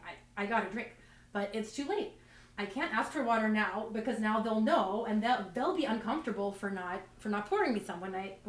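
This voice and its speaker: A woman with a mid-range voice performs stand-up comedy, spinning rambling, self-deprecating stories full of restarts. The roomy recording comes from a distant mic, with slight background noise.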